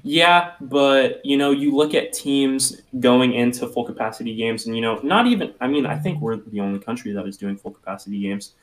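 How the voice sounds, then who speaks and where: A man on a sports podcast speaks candidly and casually, with the odd curse word. His pitch is ordinary and middle. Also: lively intonation, fairly quick, few pauses. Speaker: podcast co-host.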